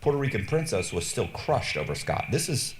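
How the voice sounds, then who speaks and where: A man streaming a casual story, animated and blunt, swearing freely and acting out the dialogue. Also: medium pitch, brisk, reverberant, slight background noise. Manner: animated, acts out quoted dialogue, frequent restarts. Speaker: streamer telling stories.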